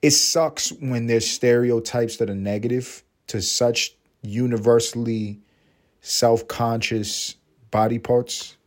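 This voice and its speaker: A man's voice: medium pitch, fairly even intonation, slow. A man of Puerto Rican background doing a crude, rambling comedy podcast monologue, slipping into mocking voices and laughing. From Puerto Rico. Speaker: podcast host.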